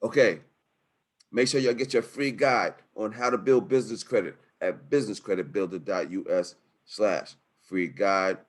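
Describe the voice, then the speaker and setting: A man hosting a webinar from home over a video call, wrapping up with energetic, slangy, emotional talk. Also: lowish voice, normal speed. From New York City. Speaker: webinar host. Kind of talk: hyped-up casual webinar wrap-up. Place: home setup in Harlem.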